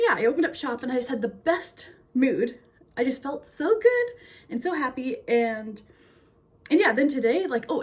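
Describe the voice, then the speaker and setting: A young woman from Minnesota talks in a chatty, bubbly ramble straight into her phone. Her voice sits a bit high and carries a soft, breathy huskiness, and she strings thoughts together with plenty of fillers. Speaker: vlogger. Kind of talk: casual chat.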